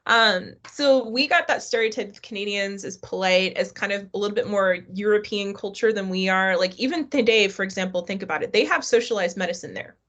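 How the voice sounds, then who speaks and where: A woman's voice: medium pitch, fairly quick, hardly any pauses, fairly bright tone. Female history teacher, live online class, loose and chatty, quizzes the students. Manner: conversational, asks the class questions.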